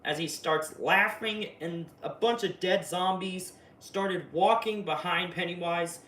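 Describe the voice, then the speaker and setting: Excitable male reviewer in an echoey room. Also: high voice, measured pace, a little hiss or hum. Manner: excitable, chatty, with lots of fillers. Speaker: video reviewer. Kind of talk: casual spoiler recap. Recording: roomy, distant mic, faint ambience.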